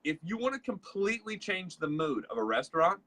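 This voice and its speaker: A chatty man hosts a casual leadership talk. His voice is bright and a little husky. He tells stories loosely, full of fillers, and acts out the lines of the people in them. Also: sits high, big pitch swings, fairly quick. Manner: chatty storyteller, acts out dialogue, many fillers. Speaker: host.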